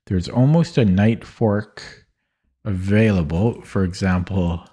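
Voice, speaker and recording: A man with a somewhat low, husky voice works through chess puzzles out loud at his desk at home. He speaks very slowly and calmly, stopping to weigh each move. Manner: calm, slow, musing, talks himself through moves. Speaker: chess streamer. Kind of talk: thinking aloud while solving chess puzzles.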